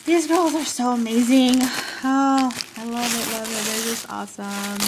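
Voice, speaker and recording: A woman with a gushing, giggly manner, excitedly unboxing gifts in a chatty video. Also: fairly high pitch, moderate pace. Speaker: craft vlogger. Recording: noisy home recording. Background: paper crinkling.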